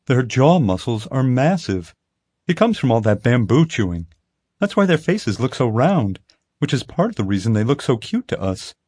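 A man's voice: medium pitch, big pitch swings, moderate pace, darkish tone, husky, no echo, pitched above the performer's own voice. An eager young woman keeper spills fact after fact, as a male reader puts her on. Her voice swings up and down with enthusiasm. It is recorded dry and close for a storybook. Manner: eager, rattles off facts. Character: chatty lonely young female panda keeper. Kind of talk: audiobook character voice. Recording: dry close studio sound.

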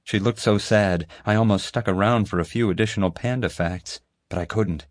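A man narrates a story in the first person with a steady, even delivery. His voice sits on the low side. The recording is dry with no room around it. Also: moderate pace, dry recording. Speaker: audiobook narrator. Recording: dry close studio sound.

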